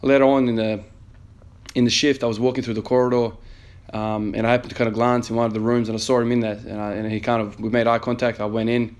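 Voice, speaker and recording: A man's voice: mid-range voice, little pitch movement, quick pace, darkish tone, clean tone. A man in his thirties, an emergency nurse, earnestly telling a story in a motivational vlog with many fillers. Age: 30s.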